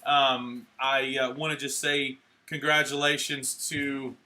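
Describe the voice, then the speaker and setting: A young man emceeing a church awards night, handing out certificates in an energetic, playful way, cheering and joking with the crowd. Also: mid-range voice, slow pace. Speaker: youth pastor handing out awards. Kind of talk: live church event emcee. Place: church hall at a live event.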